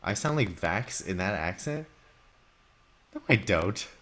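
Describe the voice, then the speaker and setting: Low-voiced man narrating his live composing. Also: very animated, measured pace. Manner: talks through software steps while working, chatty with restarts. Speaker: music composer streaming live. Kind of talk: casual live-stream commentary.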